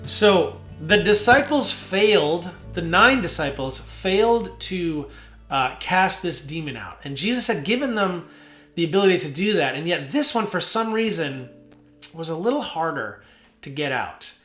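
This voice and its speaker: A man, a worship leader, hosting a casual devotional talk from his home studio, relaxed and rambling with many fillers. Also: a little high, measured pace. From New Jersey. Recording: roomy studio with soft guitar.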